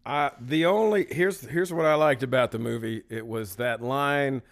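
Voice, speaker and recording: A man with an ordinary mid-range voice chats with a co-host. His delivery is dry and deliberate, with a teasing edge. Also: mid-range voice. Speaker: movie podcast co-host. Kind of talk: casual chat.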